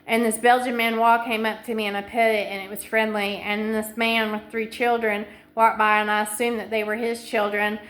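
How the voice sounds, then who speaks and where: A woman's voice: a little high, flat delivery, moderate pace, few pauses, fairly bright tone. A middle-aged woman in a rambling monologue to camera, stringing long chains of clauses together in an anxious, insistent way. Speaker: vlogger.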